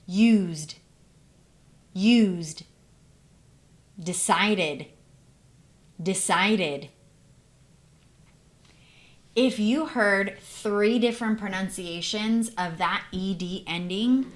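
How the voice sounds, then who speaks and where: A woman's voice: medium pitch, fairly bright tone. A woman teaching English pronunciation, modeling word endings carefully and asking the learner questions. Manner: clear, careful, deliberate modeling of sounds. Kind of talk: recorded teaching lesson.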